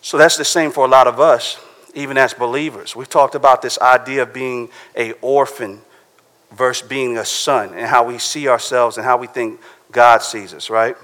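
A man's voice: medium pitch, fairly even intonation, moderate pace, fairly bright tone. A man preaching a sermon in a casual, conversational way, often checking in with "right?". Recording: long hall reverb.

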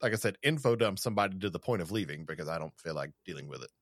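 A man's voice: low-pitched, lively intonation, racing, fairly bright tone, no room sound, clean studio sound. A man co-hosting a podcast, chatting casually in a laid-back, agreeable way. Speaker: podcast co-host. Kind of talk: casual chat.

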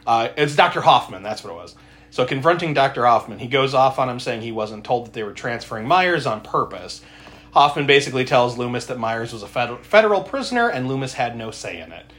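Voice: mid-range voice, animated, fairly quick, fairly bright tone. A podcast co-host recapping a horror movie in casual chat, laughing often and acting out the characters' lines. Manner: laughs often, retells scenes with voiced quotes.

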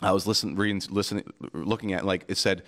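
A man's voice: deep voice, fairly even intonation, fast talker, fairly bright tone. A man, a pastor hosting a podcast, talking earnestly and reflectively about faith in casual conversation, quoting scripture and sayings.

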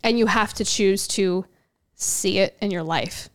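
A woman's voice: medium pitch, measured pace. A woman co-hosting a faith podcast, talking earnestly and reflectively in long flowing runs. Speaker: podcast co-host. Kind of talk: casual faith talk.

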